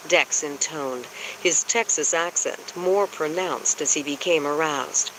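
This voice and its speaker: A man narrating a romance audiobook in a measured, even reading style. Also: fairly high pitch, background noise. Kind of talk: scripted narration.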